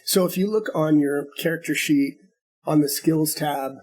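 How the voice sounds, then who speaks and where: A man's voice: a little high, moderate pace, a little mellow. A man narrating as game master, patiently explaining the rules step by step.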